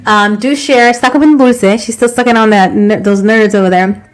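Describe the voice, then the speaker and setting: A woman's voice: mid-range voice, brisk, few pauses. A woman hosting a podcast in casual chat, upbeat as she gives advice and asks her co-hosts questions. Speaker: podcast host.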